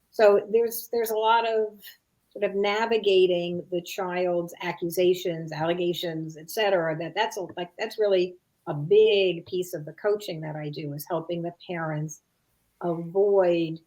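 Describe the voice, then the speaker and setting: A middle-aged woman with a lowish, steady, slightly mellow voice speaks at normal speed as an expert interview guest. Answering a question thoughtfully and conversationally, she acts out parents' lines as examples and often says "you know" and "like."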